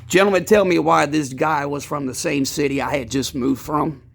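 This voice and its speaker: A man telling his own story in a casual, rambling and blunt way, cursing freely and addressing his listeners as gentlemen. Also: a little high, fairly even intonation, normal speed, gravelly.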